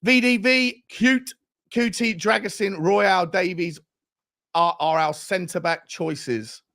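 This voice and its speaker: A man hosting a fan show livestream, reading out viewer super chats with excitable, slangy banter. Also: sits high, slow.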